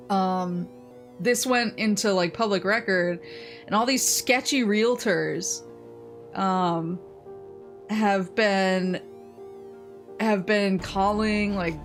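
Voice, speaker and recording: A young woman rambles through anecdotes while streaming a game, breaking into frequent laughter. Her voice sits at an ordinary, middle pitch, with faint game music playing underneath. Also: fairly bright tone. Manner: rambling storytelling, laughs often. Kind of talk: casual game-stream chat.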